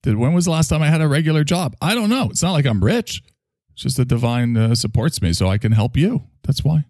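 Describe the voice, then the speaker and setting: Man, spiritual teacher, casual monologue, digressive, very animated pitch, dry close sound. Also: brisk, dry recording. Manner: rambling, digressive storyteller; swears casually.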